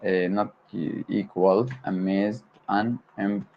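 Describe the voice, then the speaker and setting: Slow, gravelly man drilling vocabulary. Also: lowish voice, fairly even intonation. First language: Arabic. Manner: hesitant, repeats words aloud while memorizing. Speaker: English learner hosting a study stream. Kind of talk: livestream study session. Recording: dull lo-fi stream audio.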